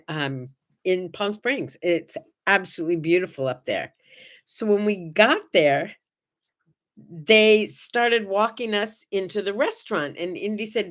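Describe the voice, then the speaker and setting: Chatty woman hosting a morning livestream. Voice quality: animated storyteller, acts out the people in her stories. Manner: bursts into high squeals when greeting viewers. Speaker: host of a morning livestream show. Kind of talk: casual chat to live viewers.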